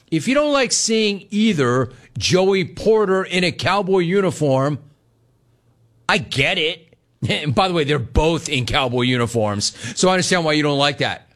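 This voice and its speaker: Middle-aged sports radio host guy, kinda high voice, sarcastic and needling, laughs at his callers. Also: fairly bright tone. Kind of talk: sports talk radio monologue.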